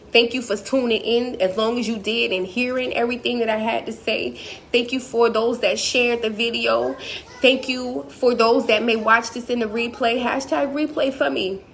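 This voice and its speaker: A woman's voice: a little high, fairly even intonation, normal speed, fairly bright tone, a little hiss or hum. A woman motivational speaker on a live stream, talking emphatically and repetitively in a preacherly way.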